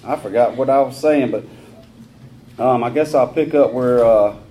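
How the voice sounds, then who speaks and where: A man in his forties with a Southern US accent, speaking at a recovery meeting in a folksy, rambling way with rough humor. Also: mid-range voice, moderate pace, mellow. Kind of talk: personal recovery talk.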